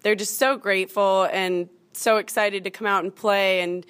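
A woman's voice: medium pitch, steady tone, normal speed, fairly bright tone, clear, resonant tone. Bubbly young woman. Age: young adult. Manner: bubbly, with many fillers. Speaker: student athlete, softball player. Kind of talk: interview before a live audience.

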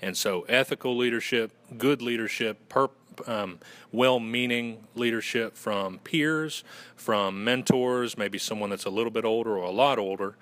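A man's voice: mid-range voice, moderate pace, fairly bright tone. A man from Western North Carolina with a Southern accent, an easygoing, folksy interview guest. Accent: Southern American. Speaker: guest, fraternity communications director. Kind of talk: conversational interview.

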